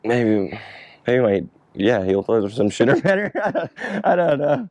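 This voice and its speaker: A man's voice: mid-range voice, sing-song, normal speed, a little mellow, no room sound, lo-fi sound. A young man in casual chat, answering fan questions about skateboarding in a loose, rambling way, swearing freely and laughing often.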